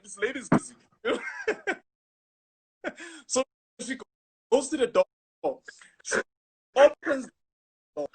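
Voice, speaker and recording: A young man with a husky voice, animatedly telling a rambling story in casual chat, full of "you know". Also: high voice, fairly bright tone. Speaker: guest storyteller.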